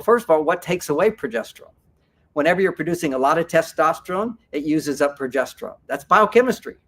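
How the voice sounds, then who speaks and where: An older man, a therapist, giving a lively talk at a fair and acting out quoted voices with big pitch jumps. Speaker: speaker at a spiritual fair. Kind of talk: lecture to an audience.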